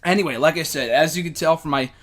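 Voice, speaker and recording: A man hosting a casual fan Q&A vlog, excited and rambling, out of breath and swearing now and then. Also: on the high side, quick pace, slight background noise. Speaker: host.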